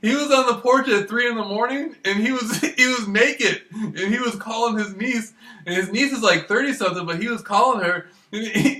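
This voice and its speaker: A man's voice: sits high, normal speed, bright, forceful tone. A man telling rambling, profane stories in a casual monologue, often laughing as he talks. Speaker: vlogger. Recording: echoey room, voice far from mic.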